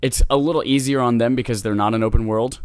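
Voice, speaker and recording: Male podcast co-host, middle pitch, enthusiastic and teasing, dry close sound. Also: fairly even intonation, quick pace, no room sound. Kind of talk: casual gaming podcast chat.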